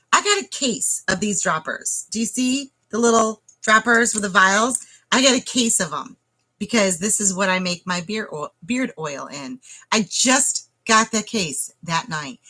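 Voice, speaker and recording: A woman's voice: medium pitch, sharp tone, poor audio. A woman homestead vlogger telling a dramatic story casually to the camera, speaking directly to her viewers.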